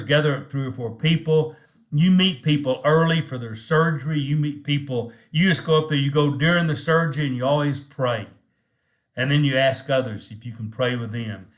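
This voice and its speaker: Earnest middle-aged man encouraging churches. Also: on the high side. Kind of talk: casual talk to camera.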